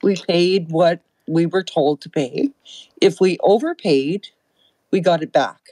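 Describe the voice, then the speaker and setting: An older woman calls in to a talk show and speaks slowly and emphatically. She sounds upset as she makes her point. The sound is dry and close. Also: fairly low pitch, mellow, slightly rough, no room sound, poor audio. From Alberta, Canada. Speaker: caller. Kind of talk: emotional call-in comment.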